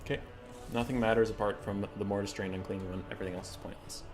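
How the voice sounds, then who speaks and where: A man casting a game tournament on a live stream, chatty and excitable, swearing casually and chuckling often. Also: fairly low pitch, fast, over music.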